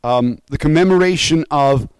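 Earnest, halting pastor, emotionally moved. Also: male voice, a little high, clear, resonant tone, dry recording. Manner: earnest, halting, with frequent restarts and asides. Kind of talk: conversational sermon.

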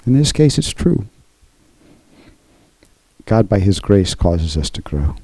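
A man's voice: lowish voice, big pitch swings, slow, warm tone, no room sound, low-quality recording. A man preaching a sermon as pastor, earnest, often checking in with the congregation by asking "okay?".

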